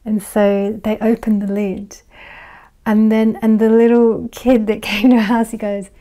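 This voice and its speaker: Woman doing a chatty tarot reading, mellow tone, laughs a lot, trails into soft asides. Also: fairly high pitch, flat delivery, a little slow. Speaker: tarot reader and life coach. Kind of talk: casual pick-a-card tarot reading.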